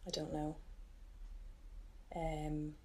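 A woman, recounting a painful chapter of her life in an interview with candid, halting restarts. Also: low voice, completely flat delivery, a little mellow. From Ireland. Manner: candid, halting, emotional retelling with many restarts. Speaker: interview guest. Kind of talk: personal storytelling.

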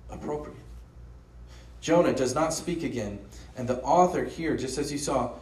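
A man's voice: mid-range voice, a little mellow. A pastor giving an earnest, conversational sermon, often posing rhetorical questions to his listeners. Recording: roomy echo, voice from a distance.

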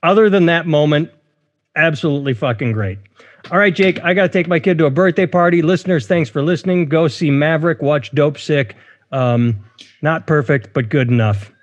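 A man's voice: a little high, brisk, dull audio. A man in his thirties co-hosting a podcast in casual chat, blunt and opinionated. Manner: blunt, opinionated, mimics others in silly voices. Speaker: podcast co-host.

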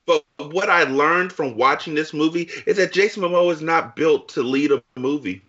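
A man's voice: a little high, normal speed, fairly bright tone, muffled recording. A man co-hosting a casual movie review chat, ranting bluntly with emphatic profanity. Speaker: podcast co-host.

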